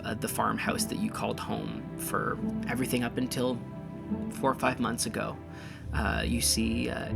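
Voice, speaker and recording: A woman game master narrating with a very deep, gravelly voice. She rambles along, full of fillers and restarts. Music runs clearly underneath.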